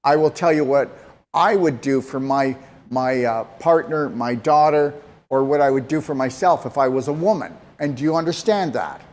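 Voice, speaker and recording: A man's voice: mid-range voice, moderate pace, darkish tone. A man giving health advice to a caller, talking directly and emphatically and pressing her with pointed questions. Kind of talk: call-in advice talk.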